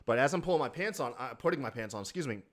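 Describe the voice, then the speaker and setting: A man's voice: medium pitch, rapid-fire. A man hosting a podcast, telling a story in a casual, profane, rambling way. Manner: profane, animated, breaks into laughs. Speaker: podcast host.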